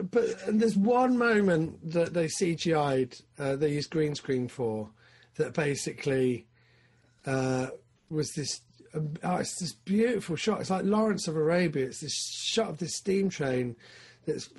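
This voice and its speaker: A man co-hosts a casual film podcast in a husky, slightly raised voice. He talks eagerly, leaping into loud enthusiasm and then sinking into quiet, trailing asides. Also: measured pace. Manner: excitable, swings from loud enthusiasm to low mumbling asides. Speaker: podcast co-host.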